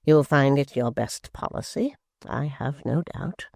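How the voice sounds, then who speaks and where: A reader voicing a sly, smooth-talking male secretary who speaks coldly and slowly, sometimes close to a whisper. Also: medium pitch, a little mellow, no echo. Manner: silky, slow and cold, sometimes near a whisper. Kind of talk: audiobook character voice.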